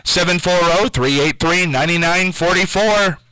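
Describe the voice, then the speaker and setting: In a station studio, a man hosts a call-in radio quiz show, fielding callers and spelling names out one letter at a time. His high voice is unhurried, sharp, clear and resonant. There's no room sound, though the recording quality is low.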